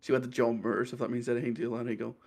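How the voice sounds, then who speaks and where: A man's voice: medium pitch, level tone, very fast, gravelly, a little mellow. A man with a Northern Irish accent telling a rambling story in casual podcast chat, laughing often. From Northern Ireland.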